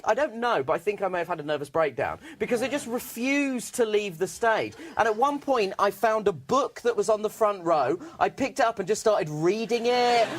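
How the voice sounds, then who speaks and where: A male comedian with a high voice spins an animated comic anecdote on a panel show. He talks in quick bursts and drives each punchline home. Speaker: stand-up comedian guest.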